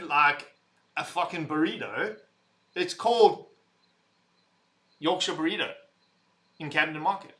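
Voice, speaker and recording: A young man hosting a casual livestream, reading chat messages aloud, loud and rambling, laughing and swearing as he talks. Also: fairly high pitch. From visitor to the UK.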